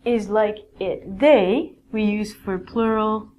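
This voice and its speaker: A woman teacher gives a basic grammar lesson at an unhurried pace. She speaks clearly, at a middle pitch, and keeps asking "okay?" to make sure her learners keep up. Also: darkish tone, a little hiss or hum. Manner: slow, clear teaching with many "okay?" checks. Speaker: English teacher.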